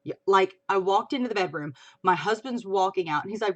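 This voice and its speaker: A woman hosting a casual livestream chat, chatty and expressive, swearing casually. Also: medium pitch, a little fast, few pauses, dull audio. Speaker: livestream host. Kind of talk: casual chat about fan fiction.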